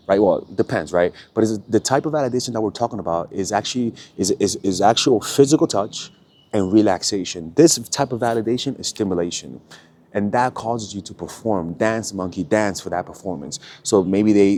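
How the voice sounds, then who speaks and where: A man giving a casual coaching monologue, animated and profane, checking in with the listener with "right?" after nearly every point. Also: on the low side. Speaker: dating coach.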